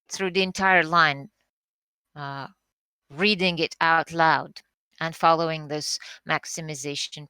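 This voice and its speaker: Woman teacher, slow careful lecture, bright clear voice, dry sound. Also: lowish voice, dry recording. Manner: careful, explanatory, with frequent fillers and restarts. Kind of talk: recorded lecture on poetry meter.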